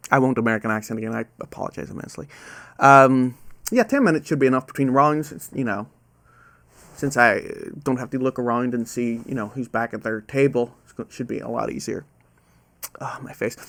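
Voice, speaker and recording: A man runs a live trivia quiz online from home on his webcam, keeping things relaxed and self-mocking. Every question gets a slow second reading, and "ow" sounds give him trouble. His pitch is medium.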